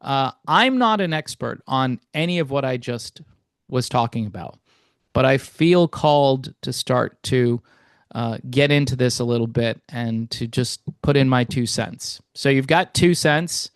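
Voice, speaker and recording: A man's voice: medium pitch, a little slow, clean tone, no room sound, clean studio sound. A man hosting a channel, giving his opinions in a casual, rambling monologue with frequent fillers. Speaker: host.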